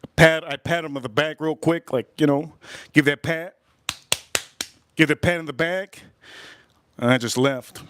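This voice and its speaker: A man's voice: fairly high pitch, unhurried, long pauses, background noise. A middle-aged man hosting a casual livestream, chatting and acting out both sides of his stories. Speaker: livestream host. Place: outdoors at a backyard grill.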